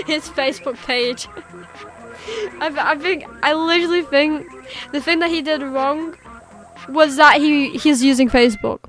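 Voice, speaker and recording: A woman streamer chatting casually between lines of game dialogue, giggly and offhand. Her voice is very high. Faint game music plays in the background. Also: slow pace, pauses often, fairly bright tone. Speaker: gaming streamer. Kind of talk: casual let's-play commentary.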